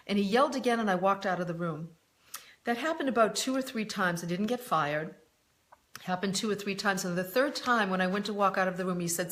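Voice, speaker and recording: In a live online broadcast, a woman coach responds to viewers' questions in an animated, brisk, slightly bright mid-range voice. She's direct and candid, addresses people by name, and leans on frequent "um"s and "you know"s.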